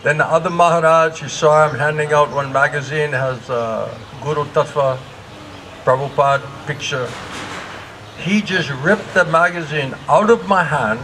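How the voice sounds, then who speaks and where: A man giving a morning class as a spiritual teacher, telling a funny story slowly and often laughing. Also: fairly high pitch, rough recording. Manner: slow storytelling with frequent laughter. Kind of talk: humorous anecdotal lecture. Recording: steady background noise.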